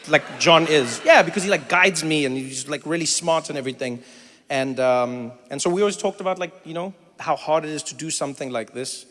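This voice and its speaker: A man from South Africa works a crowd in a big hall, his voice high and bright. He tells animated stories and slips into quick impressions of other people. Long reverb trails behind him, with faint room noise underneath. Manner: animated storytelling, mimics voices, chats with audience. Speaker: stand-up comedian. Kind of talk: stand-up comedy with crowd work. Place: large venue with live audience.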